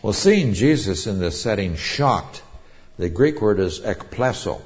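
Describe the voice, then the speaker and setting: A pastor teaching a sermon in a relaxed, conversational way, explaining Greek words from Scripture. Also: male voice, on the low side, a little slow. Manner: conversational Bible teaching with Greek word studies.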